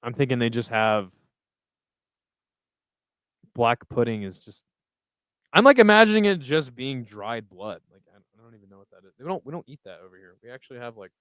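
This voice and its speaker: A man's voice: mid-range voice, big pitch swings, moderate pace, pauses often, fairly bright tone, clear, resonant tone, dry recording, studio quality. A man hosting a casual live chat, reading and reacting to viewer messages in a loose, laid-back way with plenty of swearing. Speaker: livestream host reading chat.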